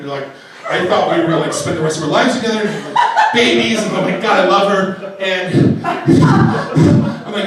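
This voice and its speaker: A man telling a funny story on stage, animated and often laughing, acting out his own panic. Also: fairly quick, crowd noise. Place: live venue with audience. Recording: booming echoey hall from far off with audience.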